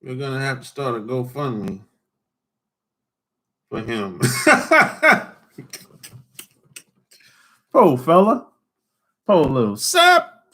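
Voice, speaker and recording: A man's voice: medium pitch, big pitch swings, very slow, long pauses, pushed and bright. A man hosting a casual livestream, teasing callers in loose slang and laughing often. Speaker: livestream host talking with callers. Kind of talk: casual chat.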